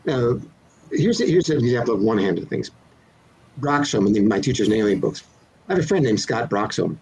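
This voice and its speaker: A man's voice: mid-range voice, sing-song, brisk, darkish tone, slight background noise, low-quality recording. An older man, a children's author being interviewed, explaining his craft in a thoughtful, playful way with examples. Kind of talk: relaxed interview answers.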